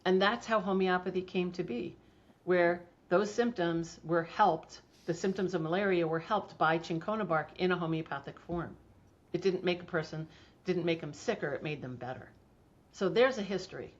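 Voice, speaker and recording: A woman's voice: on the low side, normal speed. A middle-aged woman, a homeopathy practitioner, talking casually in an interview with chatty storytelling and frequent fillers. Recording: dull lo-fi sound.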